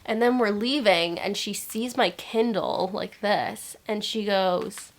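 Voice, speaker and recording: A young woman chats casually to camera about her reading, her voice sitting at an ordinary middle pitch. She gushes with quick bursts of excitement and keeps the tone loose and friendly. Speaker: book vlogger. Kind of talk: casual reading vlog chat.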